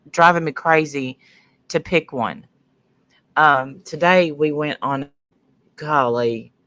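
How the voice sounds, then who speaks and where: This middle-aged woman, sniffly from her sinuses, hosts a casual livestream and rambles chattily, greeting viewers by name mid-sentence between her stories. Her voice sits low and sounds pushed and bright, with no room sound.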